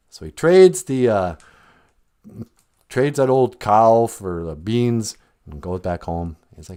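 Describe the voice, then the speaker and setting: A man's voice: on the low side, lively intonation, slow pace, long pauses, dark tone, clean tone. Jokey, folksy male storyteller. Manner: jokey, laughs often, folksy. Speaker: podcast host and storyteller. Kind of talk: casual livestream storytelling.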